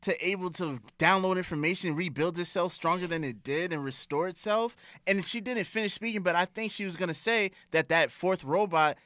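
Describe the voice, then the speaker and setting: A man's voice: high-pitched, brisk, hardly any pauses, pushed and bright, no echo, studio quality. A man co-hosting a podcast in casual chat, laid-back and slangy, retelling stories. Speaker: podcast co-host.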